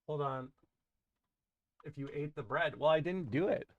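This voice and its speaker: A woman's voice: deep voice, measured pace, highs cut off. A woman streamer in casual livestream chat from a home setup, rambling, swearing and interrupting herself with frequent laughs.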